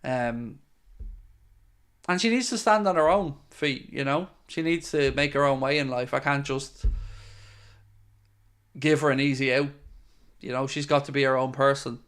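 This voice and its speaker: Middle-aged male host, friendly and chatty, clear smooth tone, mid pitch. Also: measured pace, long pauses, fairly bright tone. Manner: chatty and friendly, with frequent fillers. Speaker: fan channel host. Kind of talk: casual live-stream chat reading viewer comments.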